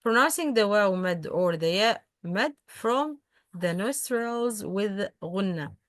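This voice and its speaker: A woman whose first language is Arabic teaching a recitation lesson, patient, slowly repeating example words with frequent hesitations. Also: mid-range voice, animated, a bit bright, no room sound. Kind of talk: online tajweed lesson.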